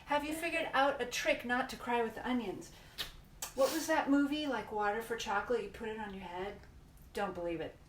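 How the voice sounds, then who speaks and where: A woman's voice: on the high side, brisk, reverberant, recorded from a distance, a little hiss or hum. A woman hosting a casual live cooking demo in a home kitchen, chatting and explaining as she works, often stopping mid-sentence. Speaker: cooking show host.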